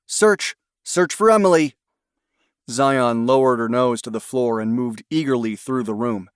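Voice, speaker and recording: This is a man reading an audiobook, telling the story in an even, measured way. His voice sits in the mid range, and the recording is dry and studio quality.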